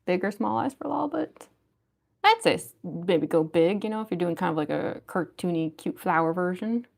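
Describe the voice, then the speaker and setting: A woman's voice: fairly low pitch, expressive, normal speed, vocal fry. A woman chatting casually on a livestream, reading viewer comments aloud and giggling often. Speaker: cosplayer livestreamer.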